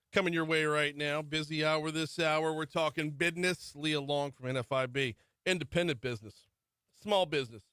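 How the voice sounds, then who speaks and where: A man's voice: fairly high pitch, fairly even intonation, normal speed, sharp tone, clean tone, dry recording. A middle-aged man hosting a morning talk radio show, running through the news with chatty asides. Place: radio studio. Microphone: studio microphone.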